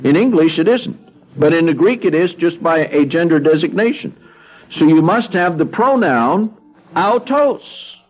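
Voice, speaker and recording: A man's voice: a little high, expressive, measured pace, rough recording. A man teaching Greek grammar in a classroom lecture, patiently repeating words and checking in with "okay?". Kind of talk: classroom lecture walking through a worksheet.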